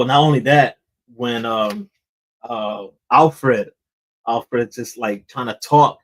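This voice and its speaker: A man's voice: mid-range voice, poor audio. A man hosting a comic book show, chatting casually about a book, rambling, repeating words and often saying "man".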